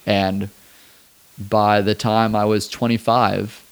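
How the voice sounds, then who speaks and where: A young adult man, a drummer and hairstylist, telling stories in a relaxed, rambling interview chat. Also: on the low side, takes it slowly, smooth. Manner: relaxed, rambling, peppered with "like" and swearing. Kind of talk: casual interview storytelling.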